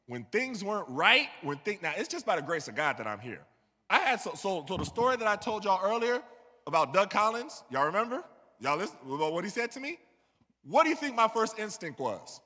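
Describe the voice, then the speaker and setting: A high, sharp-toned man from New York tells a personal story as a conversational sermon, often checking in with "you know what I mean." He's in a church sanctuary, and the recording carries a long hall reverb.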